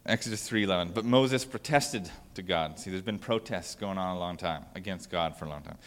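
A man's voice: sits low, a little fast, few pauses, a bit bright, long reverb tail. A man preaching a casual sermon as pastor, talking conversationally with restarts and fillers.

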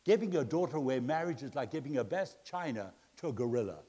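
A middle-aged man preaching a sermon, telling jokes and family stories, swinging between loud laughing excitement and quiet earnest appeals. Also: mid-range voice, quick pace, slightly rough. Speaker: pastor. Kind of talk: sermon with humorous storytelling. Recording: long reverb of a large hall.

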